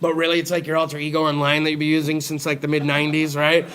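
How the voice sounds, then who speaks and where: A man's voice: fairly high pitch, monotone, fast, fairly bright tone, clear, resonant tone. A young adult man hosting a talk show, running a crude, profane comedy monologue and teasing his co-host.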